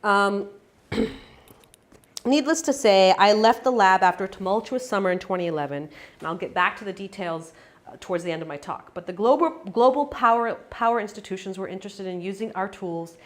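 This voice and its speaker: A woman's voice: mid-range voice, brisk. A woman giving a conversational academic talk in a lecture room, with frequent fillers and restarts. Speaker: academic speaker. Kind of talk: conference talk.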